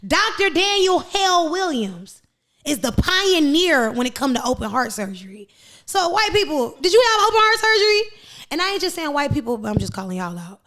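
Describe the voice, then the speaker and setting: An American woman hosting a podcast, talking in an animated, emphatic, preachy casual chat. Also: high voice, normal speed. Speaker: podcast host.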